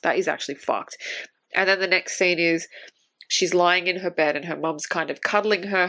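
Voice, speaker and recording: Podcast co-host, woman, lower register, swears freely, acts out the characters' lines. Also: fairly bright tone. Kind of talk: casual film review chat.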